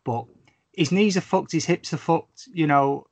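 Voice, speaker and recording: A man in casual podcast chat, telling stories animatedly with lots of swearing and swooping pitch. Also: a little slow, dry recording. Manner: animated, sweary storyteller with big pitch swings. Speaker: podcast guest or co-host.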